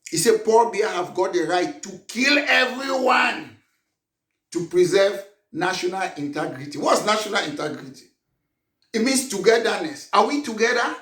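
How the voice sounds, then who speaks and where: A man from Anglophone Cameroon with a Cameroonian English accent, a political leader giving an impassioned, emphatic speech with bursts of shouting. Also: high-pitched, roomy sound.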